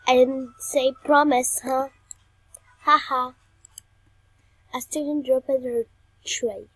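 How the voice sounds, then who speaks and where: A young woman's high, slightly husky voice talks slowly through a video game, reading out game text and chatting playfully. The recording is dry and close, with almost no room sound. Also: steady tone, fairly bright tone, no echo, faint music behind, rough recording. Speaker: gamer. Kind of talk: game commentary.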